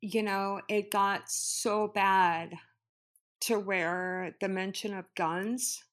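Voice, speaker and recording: A woman's voice: mid-range voice, steady tone, drawn-out words, a bit bright. A woman actress telling an upsetting personal story in an interview, agitated and swearing, with many fillers. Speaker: actress and guest.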